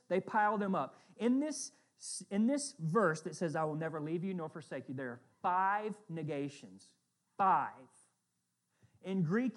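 High-voiced man preaching a sermon. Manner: earnest, conversational preaching with frequent check-ins. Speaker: pastor.

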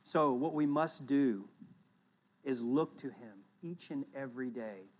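A man preaching a sermon as pastor, retelling a scripture story with loud emphatic bursts and quiet, dropped asides. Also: mid-range voice, unhurried.

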